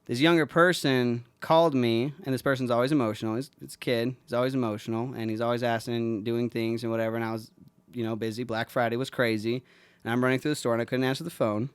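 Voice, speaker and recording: A man's voice: mid-range voice, steady tone, quick pace, clean tone, no room sound. A man hosting a podcast, telling an emotional story in a rambling, profane, heartfelt way. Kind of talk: casual heartfelt chat.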